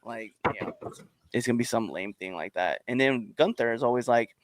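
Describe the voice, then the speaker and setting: A man's voice: mid-range voice, moderate pace, no room sound. A man hosting a wrestling podcast, chatting casually and animatedly, rambling with lots of "bro" and "hundred percent". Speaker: podcast host.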